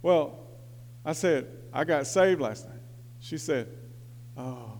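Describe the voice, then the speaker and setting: A pastor, telling a story in his sermon. He swings from quiet, confiding asides to loud, excited preaching. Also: on the high side, slow pace, a little hiss or hum. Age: 40s. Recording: long reverb of a church hall.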